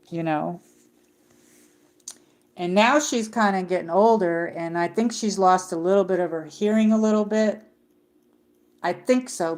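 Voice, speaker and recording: A woman's voice: fairly low pitch, a little mellow. A middle-aged woman hosting a livestream, chatting casually in a rambling way with many fillers and restarts. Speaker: livestream host.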